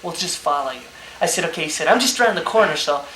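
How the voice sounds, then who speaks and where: Animated young man laughing through stories. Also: a little high, fast talker. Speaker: engaged man telling stories. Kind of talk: casual storytelling among friends. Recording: echoey room, loud noise.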